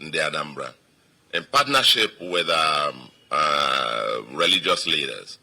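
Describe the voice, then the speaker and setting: A man's voice: a bass voice, lively intonation, slow pace, bright, forceful tone, breathy edge. A man with a Nigerian accent, a state governor giving an emphatic victory speech to supporters and repeating phrases for weight.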